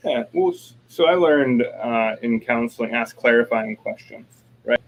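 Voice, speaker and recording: A man co-hosting a relationship coaching talk, telling lively stories and acting out both sides of arguments. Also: medium pitch, a little slow, rough recording. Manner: animated storytelling, acts out both sides of arguments. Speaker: life coach co-host. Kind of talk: casual conversation.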